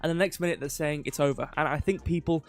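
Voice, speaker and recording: A man's voice: on the high side, steady tone, fast. A young man hosting a casual crypto livestream, rambling with lots of fillers and offhand jokes. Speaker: crypto news host.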